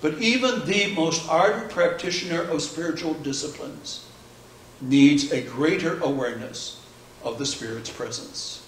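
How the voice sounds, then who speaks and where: Pastor preaching, male, conversational with dry wit; a bit high-pitched, recorded in an echoey sanctuary from a distance. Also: slight background noise. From United States. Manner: conversational preaching with rhetorical questions and dry humor. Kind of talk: sermon. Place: church sanctuary. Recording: echoey church heard from a distance.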